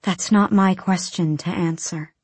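A woman voicing a calm, determined female healer who speaks in a steady, firm, commanding way. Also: on the low side, unhurried, breathy edge, no room sound.

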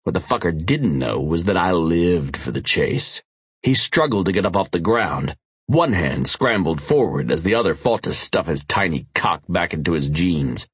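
A man reading first-person audiobook narration in a gritty, profane, intense manner, with a husky voice. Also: sits low, big pitch swings, normal speed, no room sound.

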